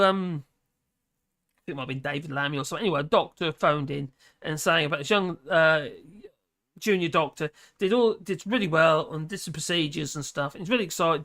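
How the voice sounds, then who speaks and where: A man's voice: on the high side, bright, forceful tone. A man from the UK hosting a live stream, chatting in a rambling way and reading viewer comments, tired and often laughing. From United Kingdom.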